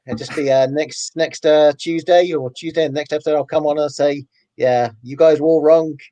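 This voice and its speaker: A man's voice: a little high, fairly even intonation, normal speed, warm tone, no echo. Eager man fan on a dry mic. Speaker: panelist. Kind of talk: casual chat.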